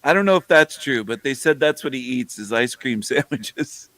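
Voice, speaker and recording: A man's voice: mid-range voice, lively intonation, normal speed, a bit bright, no echo. A man on a live-stream panel, teasing the others in a rambling, giggly way. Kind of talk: casual live-stream banter.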